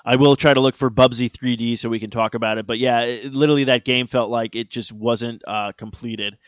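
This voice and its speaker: A man's voice: mid-range voice, steady tone, brisk, no room sound, highs cut off. A man co-hosting a casual gaming podcast, rambling with lots of fillers and restarts. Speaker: podcast co-host.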